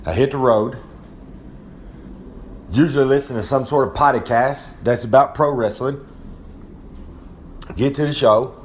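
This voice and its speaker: A man's voice: medium pitch, unhurried, pauses often, a little hiss or hum. A young man with a Southern American accent, a wrestler talking casually in a rambling, folksy drawl and calling himself by name in the third person. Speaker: wrestler giving a podcast segment. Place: his trailer at home.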